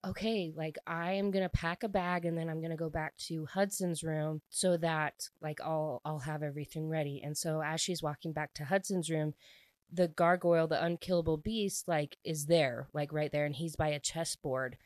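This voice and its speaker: Chatty woman rambling thru a book recap, says like a lot, kinda low voice, dry sound. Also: normal speed, no room sound. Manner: chatty, heavy use of "like" fillers; excitable and animated when reacting. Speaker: book reviewer.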